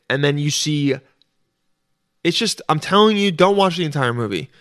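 Male podcast host, rambling profane riffs, slightly high voice, dry close mic. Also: expressive, normal speed, long pauses, a bit bright, no room sound. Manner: rambling, profane, self-interrupting. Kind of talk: casual solo monologue.

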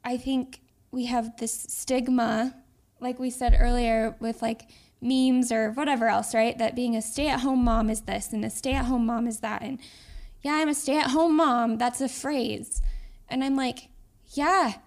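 A woman's voice: fairly high pitch, level tone, unhurried, darkish tone. A woman co-hosting a podcast, talking in an earnest, reflective, heartfelt way. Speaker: podcast co-host. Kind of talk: casual heartfelt chat.

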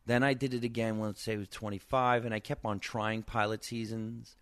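A man's voice: on the low side, brisk, no echo. A middle-aged man from New Jersey with a New Jersey accent, a comedian chatting as a radio guest and telling stories. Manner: storytelling, animated impressions of his mother. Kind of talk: casual interview chat.

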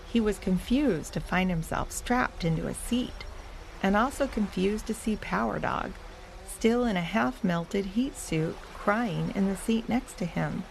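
A woman hosting and narrating a children's story podcast in a gentle, deliberate way. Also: medium pitch, expressive, creaky, slight background noise. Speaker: storyteller host.

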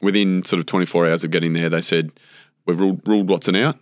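A man's voice: low-pitched, fairly even intonation, fast, no room sound, studio quality. An Australian man, a former cricketer, chatting as a guest and telling rambling stories full of fillers and acted-out quotes. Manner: rambling anecdotes with many fillers, acts out quotes. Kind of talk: casual storytelling interview.

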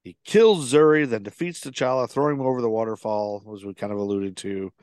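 A podcast co-host with a medium-pitched, clear, resonant and slightly mellow voice briskly recaps a film plot. He rambles casually with plenty of fillers and restarts, and there's no echo.

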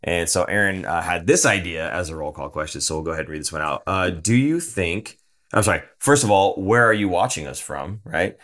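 A man with a low voice co-hosts a live sports podcast. He talks loosely and at length, wandering off on asides and filling pauses with "uh" and "um.". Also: a bit bright. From San Jose area. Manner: chatty, rambling with fillers and asides. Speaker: podcast co-host.

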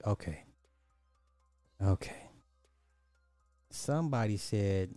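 A man's voice: fairly low pitch, drawn-out words, pauses often, dark tone, no room sound, soft background music. A man hosting a podcast, giving casual, sarcastic commentary and thinking aloud as he looks up numbers. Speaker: podcast host.

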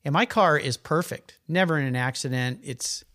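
A middle-aged man, a guest, chatting casually and telling animated, rambling anecdotes. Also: on the high side, moderate pace. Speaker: guest, car enthusiast. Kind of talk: casual conversational storytelling.

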